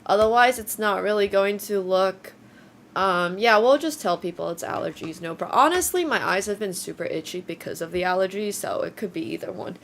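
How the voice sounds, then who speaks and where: Fairly quick and fairly bright, this woman's mid-range voice carries slight background noise. Chatting casually on a live stream, she sounds congested with a slight tremble, rambling and thanking her viewers.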